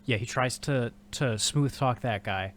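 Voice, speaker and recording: A man co-hosting a casual movie podcast, relaxed and amused, quoting scenes as he talks. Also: mid-range voice, a little slow, a little hiss or hum. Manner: relaxed, swears, quotes scenes with amused delivery. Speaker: podcast co-host.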